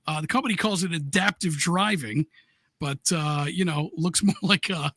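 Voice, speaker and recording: High-voiced wry podcast co-host. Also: male voice, moderate pace, pushed and bright, husky. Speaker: podcast co-host, news segment reader. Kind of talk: casual chat and news rundown.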